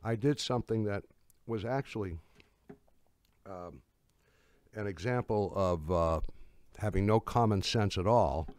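Older man, low voice, anecdotal talk, halting restarts, wry humor, dry close sound. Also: darkish tone, no echo. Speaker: speaker giving a talk.

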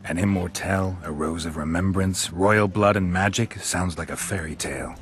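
Deep-voiced grim monster hunter, terse and dry, a man in the role. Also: fairly even intonation, normal speed, a little hiss or hum, lightly acted.

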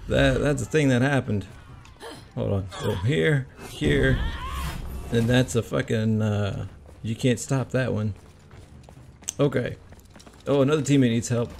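A man giving casual commentary on his own gameplay, swearing often and breaking into excited yelps and groans. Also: medium pitch, gravelly, slight background noise.

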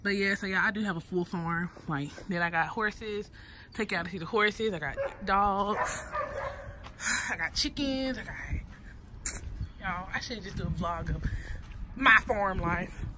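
A woman's voice: mid-range voice, a little slow. A woman with a Southern US accent, chatting casually to viewers on a phone camera while walking around her farm. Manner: chatty, addresses viewers as y'all. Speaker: vlogger. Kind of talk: casual vlog walkthrough. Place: outdoors on a farm. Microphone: phone camera held by the speaker. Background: farm animals and outdoor noise.

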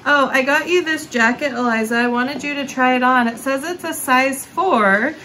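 A woman's voice: high-pitched, moderate pace, bright, forceful tone, slight background noise, poor audio. A woman hosting a casual thrift-haul vlog, chatty and upbeat, laughing often as she shows her finds. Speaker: thrift vlogger and channel host. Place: thrift store, then a barn.

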